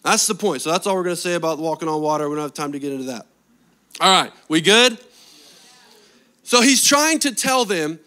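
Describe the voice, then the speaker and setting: A man delivering a sermon with a high-pitched, sharp and forceful voice. He preaches with energy and pushes his listeners with rhetorical questions. His delivery is animated. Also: a little fast, long pauses. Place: church service.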